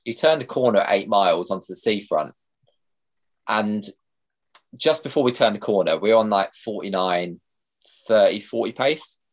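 A man's voice: fairly low pitch, lively intonation, moderate pace, pauses often. A young man co-hosting a podcast, chatting casually and rambling through results and stories. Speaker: podcast co-host. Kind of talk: casual chat.

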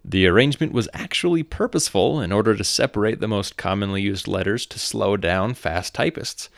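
A man's voice: fairly low pitch, gravelly, fairly bright tone, no room sound, clean studio sound. A man with a general American accent, reading a scripted podcast narration with wry, conversational asides. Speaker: podcast host.

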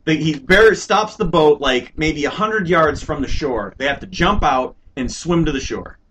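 Bright-voiced animated male storyteller. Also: a little high, moderate pace, a little hiss or hum. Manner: animated storyteller who acts out the people in his stories. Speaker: podcast co-host. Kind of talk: casual group chat.

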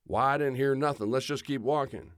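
A man's voice: medium pitch, fairly even intonation, fairly quick, clear, resonant tone, no echo, clean studio sound, natural voice. A man voicing a folksy old bearded miller in a spoken story, drawling and starting his lines with "why". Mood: reassuring.

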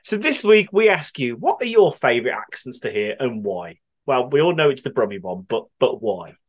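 Podcast host, male, from the West Midlands; animated, giggly delivery. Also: medium pitch, moderate pace. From West Midlands, England. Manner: chatty and giggly, often laughing and swearing. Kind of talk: casual chat, reading listener answers.

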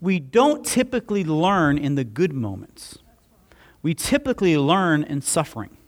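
A pastor giving a conversational sermon, telling a personal story with animated delivery. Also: male voice, a little high, a little slow. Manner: animated, acts out dialogue in the story.

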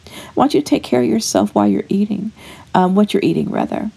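Fields: Sex: woman. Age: 50s. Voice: gravelly. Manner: earnest devotional talk. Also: mid-range voice, very animated, quick pace, warm tone. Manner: earnest and homey, with frequent fillers and restarts. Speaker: Christian devotional podcast host. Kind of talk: casual faith encouragement talk.

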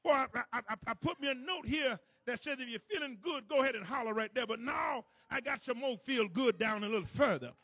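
High-voiced husky man preaching a sermon. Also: lively intonation, brisk, few pauses, dry recording. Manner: repetitive call-and-response preaching, building to shouts. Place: church service with congregation.

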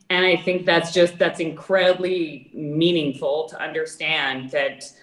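A woman's voice: low voice, echoey room, poor audio. A Canadian woman calling in as a guest, speaking in a reflective, earnest way with small hesitations. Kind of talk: casual interview answer.

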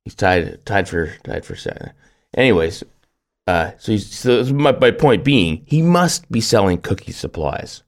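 Male podcast co-host, very deep groggy morning voice, wry teasing rambler. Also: big pitch swings, a little slow. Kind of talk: casual chat.

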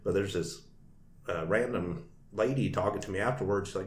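A man's voice: fairly low pitch, fairly quick. Rambling, laughing man in echoey room. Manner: rambling storyteller, laughs often, many fillers. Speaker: guest cartoonist. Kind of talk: casual interview chat. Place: Nashville. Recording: echoey room with faint noise.

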